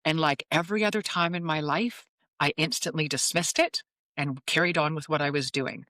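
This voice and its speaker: This woman's voice sits low, and she talks at a moderate pace, with no echo. She is a psychic medium in her fifties, sharing a personal story as an interview guest and vividly acting out what people said.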